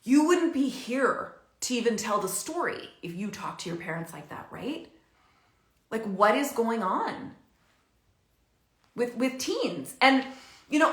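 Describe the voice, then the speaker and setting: A chatty woman in her thirties coaching parents in a loose, animated way, full of fillers and little laughs. Her voice is bright and a touch high, and it rings in an echoey room. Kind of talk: casual advice talk to camera.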